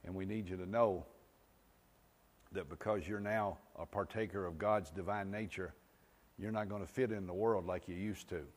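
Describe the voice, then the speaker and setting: A man preaching a sermon with a somewhat low voice, pressing his points home and checking that the congregation follows. His voice rings out with a long reverb in a church sanctuary. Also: steady tone, moderate pace. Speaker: pastor.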